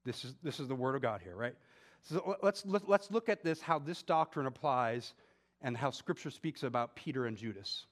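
A man's voice: medium pitch, moderate pace. A male pastor preaching a sermon, talking conversationally with questions to the congregation and building to emphatic peaks. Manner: animated, rising to emphatic peaks when stressing a point.

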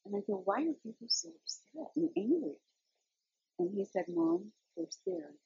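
Gravelly, husky woman giving a devotional talk. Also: fairly high pitch, animated, normal speed, warm tone, no room sound, lo-fi sound. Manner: earnest, storytelling, conversational. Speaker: Christian speaker.

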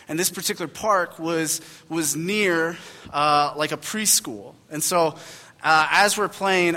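A young adult man, a pastor, giving a sermon with animated storytelling and self-deprecating asides, in a large church hall. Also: a little high. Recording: hall reverb.

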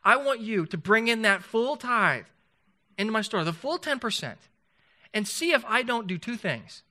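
A preacher voicing an urgent, challenging God. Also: male voice, high voice, sing-song, normal speed, sharp tone, voice pushed up, exaggerated voice. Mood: insistent. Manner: emphatic, rising, insistent. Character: God speaking to his people, commanding and urgent.

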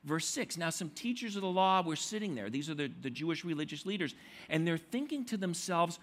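A man preaching a sermon as pastor, telling the story in an animated way and acting out the quotes. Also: high voice, moderate pace.

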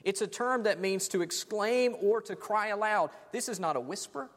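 A man's voice: high voice, normal speed, fairly bright tone. A man preaching a sermon, dramatic, letting his phrases fade off almost to silence. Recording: long hall reverb.

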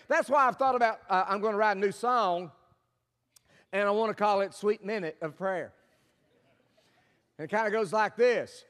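A man's voice: extremely high pitch, pushed and bright. A man preaching a sermon as a guest speaker, folksy and humorous, getting the congregation to repeat his words back to him. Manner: folksy and humorous, leads the congregation in call and response. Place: church sanctuary. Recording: long church hall reverb.

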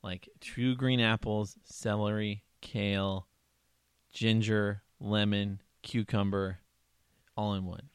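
A man's voice: on the low side, flat delivery, takes it slowly, clear, resonant tone, no echo. A man chatting casually and joking around with a friend, riffing on silly ideas. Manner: joking, rambling, playful. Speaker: co-host. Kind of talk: casual chat.

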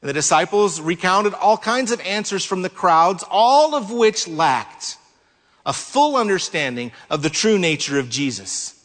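Preacher in a reverberant hall. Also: male voice, high-pitched, sing-song, fairly bright tone. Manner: measured, slows down to stress key words. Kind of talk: sermon.

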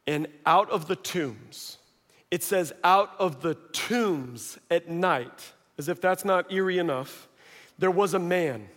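A preacher with a fairly high voice delivers a storytelling sermon, acting out the voices in the story and swinging from hushed lines to shouting. A long hall reverb carries the sound.

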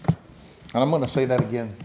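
A man preaching a sermon, building up to loud, rising emphasis and then dropping to a hushed, quiet delivery. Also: medium pitch, fairly quick, background noise. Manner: dramatic, swelling to loud emphasis and dropping to near whispers.

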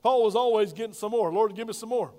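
A man's voice: high-pitched, fast, warm tone, in a large hall. A male pastor preaching a sermon, calling on the congregation to repeat lines after him. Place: church sanctuary.

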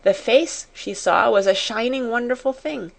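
A woman narrating an audiobook chapter in a measured, unhurried reading. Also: on the high side, vocal fry. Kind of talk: scripted storybook narration.

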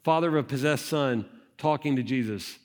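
A man's voice: medium pitch, normal speed. A male pastor preaching a sermon in a conversational way, speaking directly to the congregation and often checking in with "right?". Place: church service.

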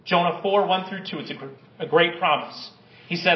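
A man's voice: high voice, moderate pace. A male pastor preaching an impassioned sermon to a congregation, calling on them to respond. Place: church sanctuary. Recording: echoey church, slightly dull sound.

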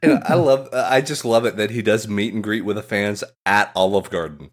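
A man co-hosting a podcast in casual chat, excitable, laughing often and swearing. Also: lowish voice, fairly quick. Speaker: podcast co-host.

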